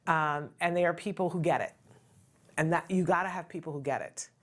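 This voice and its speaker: A woman's voice: sits low, a little fast. Earnest, chatty woman host. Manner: earnest, conversational, often asks "right?". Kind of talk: casual talk show monologue.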